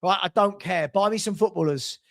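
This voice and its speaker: A man's voice: high-pitched, moderate pace. A middle-aged man from South London with a London accent, hosting a casual live-stream football chat and reading out scores and viewer messages.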